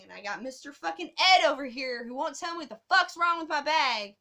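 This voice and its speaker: A woman telling a travel story to her camera in a casual, animated way, swearing often. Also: sits high, normal speed, few pauses.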